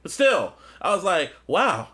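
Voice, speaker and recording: A man's voice: on the high side, very animated, a little fast, sharp tone. A man co-hosting a podcast, chatting casually and acting out scenes from a show with quoted voices and laughter. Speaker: podcast co-host. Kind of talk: casual chat, recapping a TV episode.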